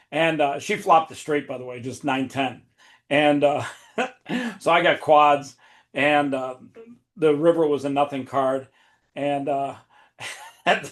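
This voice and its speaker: Laughing animated man telling a story. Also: fairly high pitch. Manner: animated, laughs often while telling stories. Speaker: podcast host. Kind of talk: casual storytelling chat.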